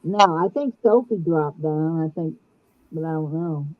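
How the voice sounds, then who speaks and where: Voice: medium pitch, a little slow, no room sound. A guest on a live stream call, chatting casually in a frank, gossipy way. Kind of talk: casual chat. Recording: muffled dry call audio.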